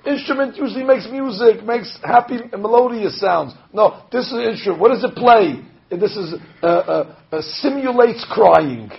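A man, a rabbi, preaching a sermon with animated storytelling, acting out the voices he quotes. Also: high-pitched, normal speed, creaky. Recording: dull lo-fi recording.

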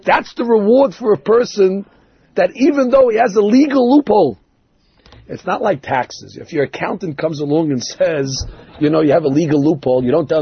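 Husky animated man giving a sermon. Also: sits high, fairly quick. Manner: animated, acts out dialogue in the stories. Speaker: rabbi teaching Torah. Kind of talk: sermon with storytelling. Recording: dull lo-fi recording.

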